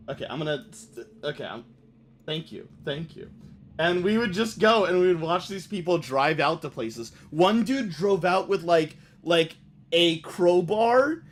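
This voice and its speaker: A man's voice: on the high side, slight background noise. Profane, loose-talking male game streamer. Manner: loose, profane, reacts aloud while reading. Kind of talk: let's play gaming commentary.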